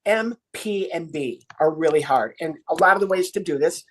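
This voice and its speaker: An American man in his sixties, a ventriloquist guest on a podcast interview, teaching in an animated, demonstrative way. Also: fairly high pitch, normal speed. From United States. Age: 60s. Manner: animated, demonstrative teaching, acts out little voices.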